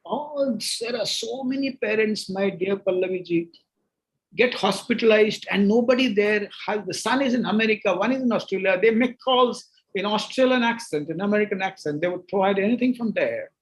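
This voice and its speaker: An earnest, middle-aged Indian man with a high-pitched voice, speaking as a doctor at a seminar. He talks with emphasis, repeating words and starting over as he builds his points. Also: normal speed, low-quality recording. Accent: Indian English. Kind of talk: seminar Q&A answer.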